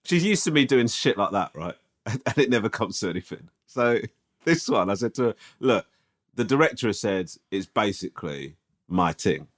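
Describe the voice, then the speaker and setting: A man's voice: fairly low pitch, normal speed. A man in casual podcast chat, telling a story with swearing and lots of asides. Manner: animated storytelling, swears often. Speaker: podcast co-host.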